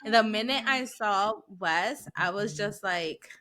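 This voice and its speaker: A woman's voice: medium pitch, measured pace, pushed and bright. A young woman co-hosting a casual podcast, talking bluntly, swearing freely and laughing often. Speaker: podcast co-host. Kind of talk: casual chat.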